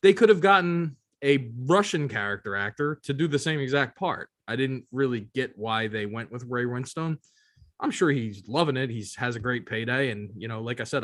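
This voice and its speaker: A male podcast co-host in loose, casual chat, talking in long rambling runs with plenty of emphasis. His voice sits at an ordinary middle pitch. It sounds close and dry, with no room around it. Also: fairly bright tone, no echo. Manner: rambling, emphatic, frequent "you know what I mean".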